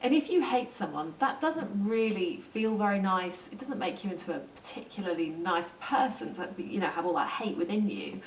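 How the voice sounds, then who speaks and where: A woman explaining psychology in a relaxed, chatty lesson, with plenty of ums and acted-out asides. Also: mid-range voice, normal speed, hardly any pauses, a little hiss or hum. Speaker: psychology teacher. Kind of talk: informal lesson explaining to camera. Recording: roomy, distant and dull.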